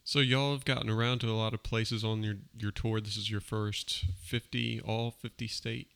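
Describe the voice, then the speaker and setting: A man with a Southern US accent hosting a casual interview, laid-back and unhurried. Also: lowish voice, level tone, gravelly, fairly bright tone, clean tone. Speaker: interviewer, host.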